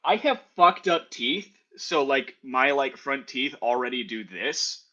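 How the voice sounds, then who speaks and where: A man's voice: medium pitch, lively intonation, measured pace, pushed and bright, muffled recording. A man with a Midwestern accent, a guest on a casual stream, blunt and swearing freely. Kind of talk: casual reaction-stream chat.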